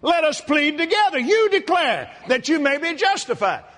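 A man preaching a sermon in a folksy, animated way, breaking into shouts and laughter. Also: very high voice, moderate pace. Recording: long hall reverb.

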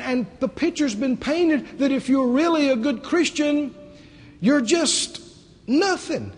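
A man from the American South with a Southern accent, preaching a lively sermon with rhetorical questions and acted-out voices. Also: very high-pitched, slow pace, big-room sound.

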